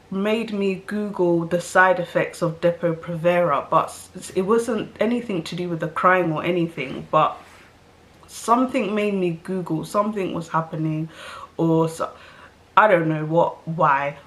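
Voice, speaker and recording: Young woman vlogger, conversational and rambling, slightly congested, mid-pitched. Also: a bit bright. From South London. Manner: chatty, rambling with fillers and self-aware asides. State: stuffy nose from hay fever. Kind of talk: casual storytelling to camera.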